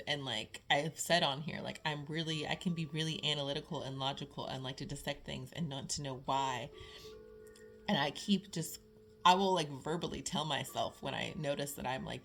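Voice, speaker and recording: Low-pitched bright-voiced woman vlogger. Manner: chatty, lots of "like", laughs at herself. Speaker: spiritual vlogger. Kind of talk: casual spiritual talk to camera.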